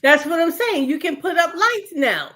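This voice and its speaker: A woman's voice: very high-pitched, sing-song, moderate pace, pushed and bright. A woman chatting casually, teasing and laughing often. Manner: laughs a lot, teasing interjections. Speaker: co-host. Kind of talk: casual chat.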